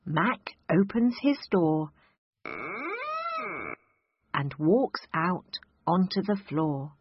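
A woman's voice: on the low side, lively intonation, extremely slow, slightly rough, no room sound, muffled recording. A woman reading a children's picture book aloud in a sing-song, exaggerated storybook manner.

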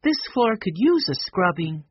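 A man's voice: high voice, sing-song, measured pace, husky, no room sound, highs cut off, voice pushed up, full character voice. A man doing a shy, timid young girl. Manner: soft, timid.

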